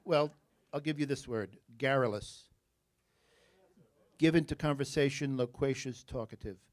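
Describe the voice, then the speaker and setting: A medium-pitched man with a New Jersey accent serves as a spelling bee pronouncer. He reads the words, definitions and example sentences in a measured, deliberate manner, adding joking asides along the way.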